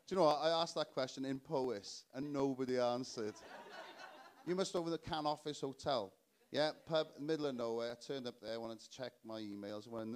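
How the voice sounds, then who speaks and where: Welsh stand-up comic, self-mocking. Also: male voice, medium pitch, fairly quick, clean tone. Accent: South Welsh. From South Wales. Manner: chatty, self-mocking, punchy delivery. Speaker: stand-up comedian. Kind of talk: stand-up comedy set. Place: live stage before an audience.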